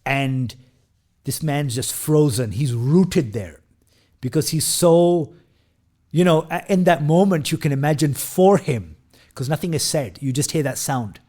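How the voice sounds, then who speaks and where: A man's voice: on the high side, a little slow, dark tone. A man hosting a casual film review who retells scenes at length, with frequent fillers, restarts and quoted lines from the characters.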